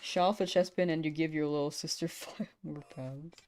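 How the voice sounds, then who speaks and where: A woman's voice: sits low, steady tone, normal speed, darkish tone, slight background noise. A young woman from the United States chatting casually with viewers on a live game stream, giggling often between remarks.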